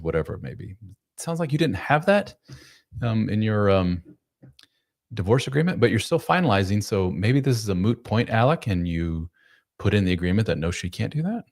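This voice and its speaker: A man with a very low, deep voice hosts a live advice chat, speaking frankly and bluntly. He swears casually and talks straight to his listeners with no sugarcoating. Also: sing-song, fairly quick. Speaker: host.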